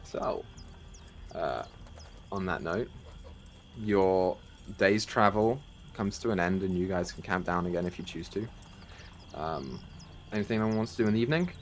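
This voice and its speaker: A man narrating as dungeon master, relaxed and hesitant, with fillers between lines. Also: low-pitched, moderate pace, long pauses, soft background music. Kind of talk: narrating a tabletop game.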